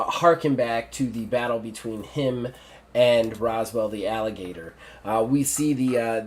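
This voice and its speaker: A man's voice: mid-range voice, a little hiss or hum. A man narrates a tabletop role-playing game as game master. His delivery is casual and loose, full of small fillers and restarts as he sets the scene.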